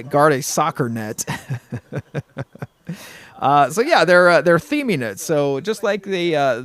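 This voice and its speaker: Animated high-voiced male radio host. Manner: upbeat, chatty, rambling with fillers and restarts. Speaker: radio morning show host. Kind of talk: casual morning radio chat. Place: radio studio.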